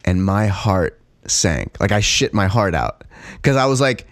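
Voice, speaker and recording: Low-voiced man telling a story, dry sound. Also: big pitch swings, a little slow, dry recording. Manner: laughs through his own story, swears freely. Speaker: podcast co-host. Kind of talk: casual storytelling.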